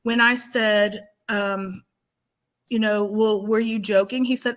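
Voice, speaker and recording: A woman's voice: mid-range voice, fairly even intonation, a bit bright. A woman co-hosting a live stream, firmly lecturing a viewer and repeating her points for emphasis. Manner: slow, deliberate delivery. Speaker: livestream co-host. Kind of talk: heated live-stream scolding.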